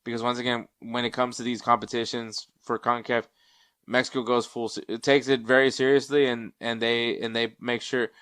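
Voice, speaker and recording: Smooth-voiced man hosting a sports show. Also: mid-range voice, level tone, a little fast, fairly bright tone, dry recording, studio quality. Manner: rambling, lots of ums and restarts; checks stats mid-show, drifts off mic. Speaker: podcast host. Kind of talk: casual sports talk.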